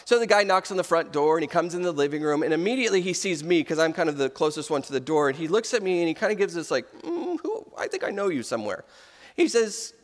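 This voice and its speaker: Racing through his sermon with hardly any pauses, a man in his thirties preaches as pastor in a church auditorium, his voice on the high side and ringing with a big-room sound. He tells vivid stories, acting out each quoted voice.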